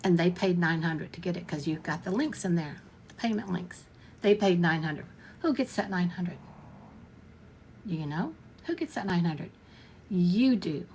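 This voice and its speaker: A woman's voice: animated, normal speed, pauses often, darkish tone, slight background noise. A woman vlogger explaining an offer in a casual, emphatic way, repeating points and checking that listeners follow. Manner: repetitive, checks listener understands with questions; earnest, emphatic sales pitch. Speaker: online business vlogger.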